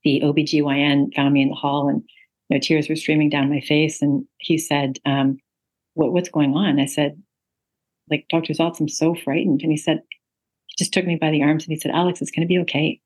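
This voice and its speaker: A woman's voice: low voice, level tone, normal speed, darkish tone, low-quality recording. A middle-aged woman, an author and interview guest, telling a personal story earnestly with many ums and uhs. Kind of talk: interview conversation.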